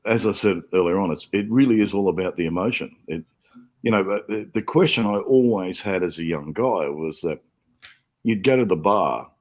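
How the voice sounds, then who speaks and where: A man's voice: sits low, darkish tone. A man talking as a podcast guest in casual chat, reflective and explaining his views.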